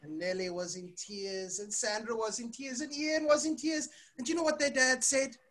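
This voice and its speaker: A woman's voice: a little high, moderate pace. A woman telling a story to children at church, stopping often to ask them questions. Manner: animated, asks the children questions.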